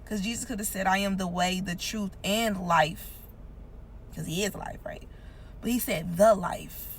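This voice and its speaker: This time the Christian content creator speaks in a mid-range voice at a normal speed. She repeats points emphatically in an earnest, informal devotional teaching, and the low-quality recording carries slight background noise.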